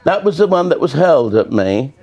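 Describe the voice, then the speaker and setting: A man's voice: a little high, sing-song, brisk, gravelly, lo-fi sound, a crowd in the background. An older man, a guest astrologer, telling anecdotes in a jovial, chatty manner in a studio chat.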